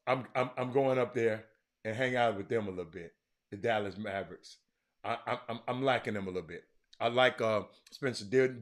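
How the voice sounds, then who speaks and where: A middle-aged man hosting a sports talk show, chatting casually and teasing viewers in the comments with loud, animated outbursts. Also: medium pitch. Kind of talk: casual live-stream chat reading the comments.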